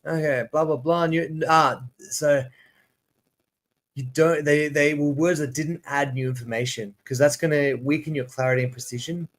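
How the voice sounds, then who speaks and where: Chatty man teaching English, slightly high voice. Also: fairly even intonation. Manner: chatty, rambling, restarts and repeats words; drawn-out word drills. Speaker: ESL teacher. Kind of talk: casual livestream lesson.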